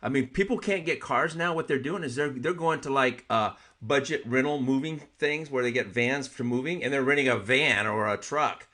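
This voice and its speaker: A man's voice: medium pitch, normal speed, few pauses, sharp tone. A man co-hosting a martial arts talk show, chatting casually and telling exasperated stories. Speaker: martial arts podcast co-host. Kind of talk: casual chat.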